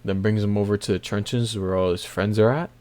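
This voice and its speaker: A man casually recapping a comic chapter, rambling with many fillers and soft laughs. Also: on the low side, fairly even intonation, brisk, smooth. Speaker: manga recap video host.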